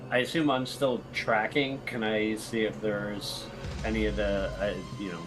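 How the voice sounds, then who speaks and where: A man's voice: fairly low pitch, fairly even intonation, measured pace, music in the background. A man playing a tabletop role-playing game, hesitantly describing what his character does. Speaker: player. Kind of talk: casual tabletop game play.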